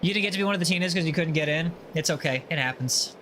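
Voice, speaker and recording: A man hosts a laid-back gaming livestream, reading viewer messages aloud and joking with them. His voice sits high with a bright, forward edge, and a faint hiss of noise runs underneath. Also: rapid-fire. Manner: playful, teasing, reads viewer messages aloud. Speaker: livestream host. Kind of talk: casual chat while gaming.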